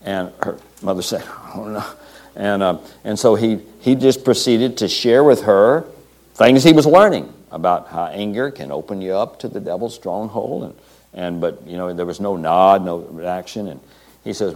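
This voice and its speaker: Low-voiced man telling a sermon story. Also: lively intonation, darkish tone. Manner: halting, many fillers and restarts, quoting scripture. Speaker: preacher.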